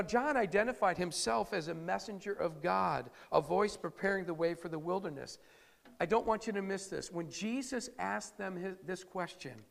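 A man's voice: sits high, vocal fry, long reverb tail. A man preaching a sermon in a conversational, emphatic way, acting out the quotes he reads. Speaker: pastor.

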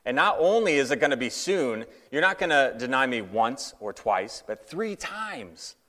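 A man's voice: medium pitch, sing-song, moderate pace, a bit bright, long reverb tail. A man preaching a casual sermon in a conversational way, with many fillers, acting out the quotes he tells.

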